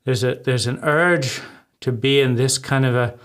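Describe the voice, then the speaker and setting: A man's voice: medium pitch, measured pace, fairly bright tone. A man speaking in a raw, intense personal monologue, often swearing and asking "right?" after his points. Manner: occasional swearing. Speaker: video essayist.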